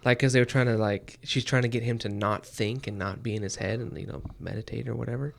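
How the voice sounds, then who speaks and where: A man's voice: medium pitch, steady tone, quick pace, gravelly. A man co-hosting a book podcast, talking in a rambling way with many fillers and restarts. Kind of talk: casual chat.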